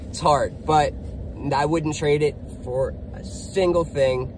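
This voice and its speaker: High-voiced, blunt, swearing tradesman. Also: fairly even intonation, slow pace, a little mellow, a little hiss or hum, low-quality recording. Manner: blunt, profane, boastful and upbeat. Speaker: generator technician and small business owner. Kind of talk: casual motivational vlog.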